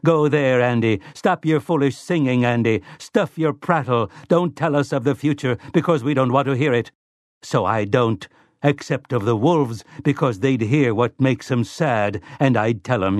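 A man's voice: medium pitch, no echo, natural voice. A man voicing a complacent, prissy male robot servant with a silky edge in a storybook reading, in a dry room.

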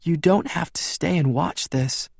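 A man voicing a frail young woman who speaks in a strained, breathy whisper, in an audiobook reading. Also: on the high side, a little slow, a little mellow, no echo, pitched above the performer's own voice, heavily acted. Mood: weak whisper. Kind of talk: audiobook character voice. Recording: slightly dull dry recording.

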